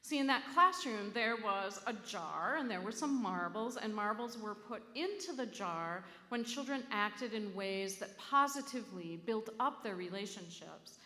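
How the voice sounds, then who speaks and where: Slow-speaking woman minister in an echoing sanctuary. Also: medium pitch, expressive, bright, forceful tone. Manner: slow, storytelling delivery with dramatic emphasis. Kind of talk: sermon. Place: church sanctuary. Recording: echoey sanctuary with long reverb.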